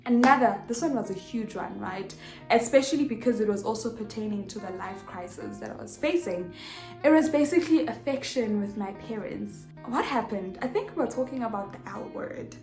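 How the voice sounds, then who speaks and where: Woman, young adult, expressive storyteller, slightly high voice, echoey room. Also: moderate pace. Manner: animated, expressive, acts out dialogue. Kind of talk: casual storytelling vlog. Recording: echoey room with faint music.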